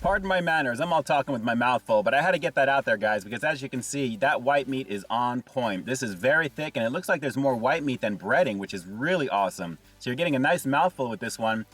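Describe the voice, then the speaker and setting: A man talks quickly through a casual food review from his car, upbeat and chatty, and keeps calling his viewers "guys". His voice sits at an ordinary middle pitch and is picked up from a little way off the mic. Faint music plays underneath. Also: fairly bright tone, recorded from a distance. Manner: upbeat, keeps saying "guys" and "really digging". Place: inside a parked car.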